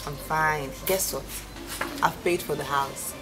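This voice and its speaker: Lady doing a young woman on a phone call, lowish voice, music loud underneath. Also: unhurried. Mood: chatty. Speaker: character in a film. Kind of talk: film acting. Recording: film audio with loud music.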